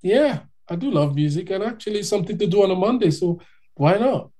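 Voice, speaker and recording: A man telling a personal story in a casual, animated way, acting out other people's voices. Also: high-pitched, fairly quick. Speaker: guest.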